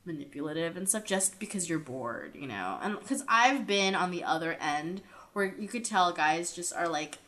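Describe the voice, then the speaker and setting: A woman's voice: lowish voice, expressive, normal speed, few pauses, a bit bright. Frank, opinionated young woman. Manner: frank, opinionated, laughs easily. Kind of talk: casual chat.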